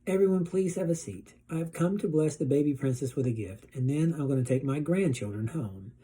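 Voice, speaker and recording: A man voicing a gentle grandmother who is also a fairy godmother. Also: fairly high pitch, lively intonation, fairly quick, slightly rough. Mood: gracious. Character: kind grandmother fairy godmother, warm and proud.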